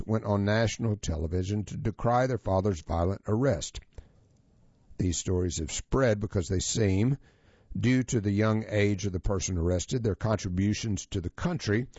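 A man presenting a magazine feature as scripted narration, reading in a measured, even manner. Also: lowish voice, no room sound. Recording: dull, lo-fi, dry sound.

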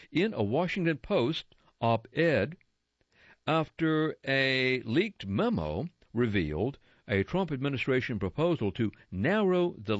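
A man reads a news magazine aloud at a slow, careful pace, describing the page layout and saying quote and unquote around each quotation. His pitch rises and falls widely as he reads. The recording is dry and a little dull. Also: no echo. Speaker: magazine reader for listeners.

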